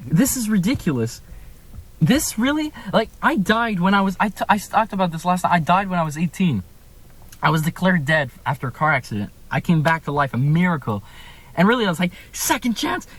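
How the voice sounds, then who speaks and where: A man's voice: high voice, fairly bright tone, husky. A young man from Canada, speaking in a casual vlog from a room at home, ranting with emphatic rhetorical questions. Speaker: vlogger.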